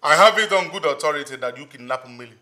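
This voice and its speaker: A firm, threatening man. His voice is bright and a little high, and he issues demands flatly. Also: quick pace.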